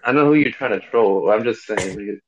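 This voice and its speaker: A man's voice: fairly low pitch, brisk, a little hiss or hum. Lecturing man in his thirties, lo-fi chat. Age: 30s. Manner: lecturing, needling. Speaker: voice chat participant. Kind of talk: argumentative group voice chat.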